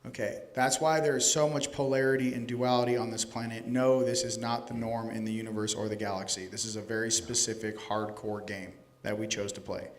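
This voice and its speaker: A man giving a casual, joking lecture to a live conference audience, animated and profane, addressing people directly. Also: fairly low pitch, fairly quick, hardly any pauses. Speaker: conference speaker. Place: conference hall stage.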